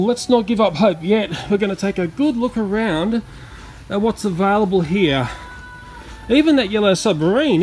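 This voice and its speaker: An Australian man vlogging on a shopping trip, talking to the camera in an animated, indignant way. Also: high-pitched, slight background noise. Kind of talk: casual vlog, talking to camera. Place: shopping centre, car park and store.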